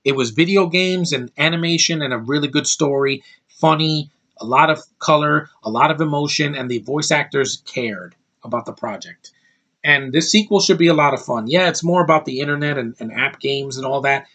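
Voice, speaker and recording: A man's voice: a little high, normal speed, sharp tone. A tired man giving blunt, rambling opinions about movies in a casual video, often restarting his sentences. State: tired from lack of sleep. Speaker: movie list vlogger.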